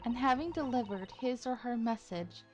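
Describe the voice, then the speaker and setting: A woman's voice: a little high, lively intonation, normal speed, darkish tone, faint music behind, pitched above the performer's own voice, close to an everyday voice. A woman reading a polite young assistant. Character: polite, earnest young Japanese female assistant.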